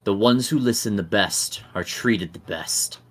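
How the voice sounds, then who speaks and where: A man voicing an imperious male devil lord who speaks in a low, measured, domineering way. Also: a bit bright. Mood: commanding.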